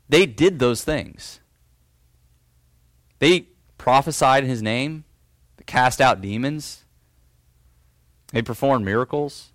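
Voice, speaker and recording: A man preaching a sermon, earnest, asking rhetorical questions, dropping low and quiet on solemn lines. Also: animated, a little slow, pauses often, no room sound, clean studio sound. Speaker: pastor.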